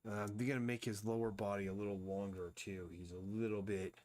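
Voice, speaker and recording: A man's voice: on the low side, level tone, fairly quick, darkish tone. A man thinking aloud and rambling casually while he draws on a live stream. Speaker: artist streaming his drawing.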